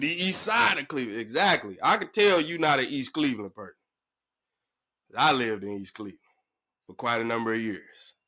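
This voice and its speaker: A man ranting to camera in a sports vlog, emphatic and slangy, his pitch jumping up when he gets worked up. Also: sharp tone. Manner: emphatic, slangy, calling the listener "bruh" and "big dog". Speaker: sports vlogger.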